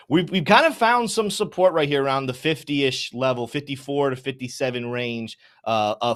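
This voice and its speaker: A young man, probably in his twenties, runs a live crypto market stream with a medium-pitched voice. He reads chat usernames aloud and gives each an upbeat, energetic shout-out before turning to talk about the charts.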